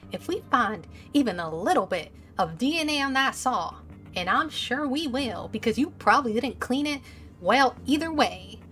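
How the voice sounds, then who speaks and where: A woman voicing a stern male police detective who slowly presses a suspect in a game interrogation. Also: on the high side, pushed and bright, exaggerated voice. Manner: slow, pressing, accusing.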